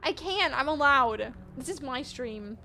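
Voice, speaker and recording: A young woman streams a game, reading its text aloud and bursting into excitable, panicky swearing as she comments casually. Her voice is high and a bit slow, with vocal fry, and a little hiss or hum runs underneath.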